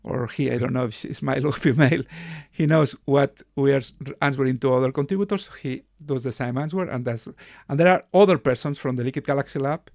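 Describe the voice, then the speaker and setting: This man's mid-range voice is gravelly and darkish, and he talks fast with few pauses. A native Spanish speaker and mentor, he hosts a video-call meeting, chatting, reading names aloud and asking how to say them, in clean studio sound with no echo.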